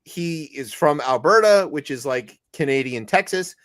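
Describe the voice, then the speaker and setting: A podcast co-host on a comedic news show rambles and jokes, restarting often and putting on mock quotes. His voice sits on the high side, a bit bright, with lively intonation at a normal speed.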